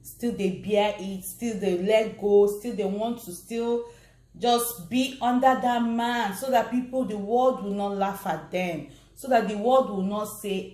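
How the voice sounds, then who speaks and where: A woman's voice: mid-range voice, unhurried, a little mellow. A woman with a Nigerian accent giving an earnest, repetitive motivational talk straight to her viewers. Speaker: vlogger. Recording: roomy echo.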